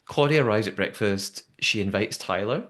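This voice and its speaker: Young male podcast host, lowish voice, chatty lively recapper. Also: moderate pace. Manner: chatty, lively storytelling with many fillers. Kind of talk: casual recap chat.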